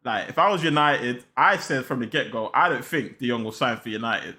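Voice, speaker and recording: A man's voice: mid-range voice, animated, a little fast, pushed and bright. A young man hosting a casual football chat, slangy and hyped, talking straight to his viewers. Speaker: football channel host.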